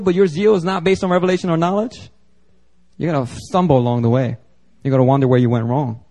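A pastor from Philadelphia preaching a sermon to a congregation, emphatic and conversational, with slangy asides. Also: male voice, medium pitch, warm tone. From Philadelphia, United States. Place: church service before a congregation.

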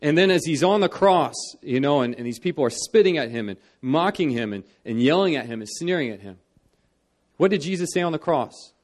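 A young man preaching a sermon in church. He talks earnestly, lifting his voice for emphasis and dropping it low for solemn parts. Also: lively intonation, a little fast.

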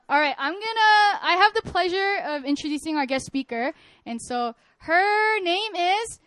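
A woman's voice: extremely high pitch, fairly bright tone, dry recording. A woman introducing a guest speaker to a church group in a casual, joking, rambling way. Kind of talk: casual announcement.

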